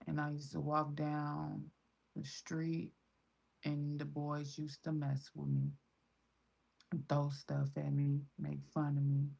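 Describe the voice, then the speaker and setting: A woman's voice: sits low, monotone, slow pace, gravelly, warm tone, breathy edge, muffled recording. A mother in her thirties with a Chicago accent, talking in a casual, blunt, profane vlog and quoting other people in raised voices. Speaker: vlogger.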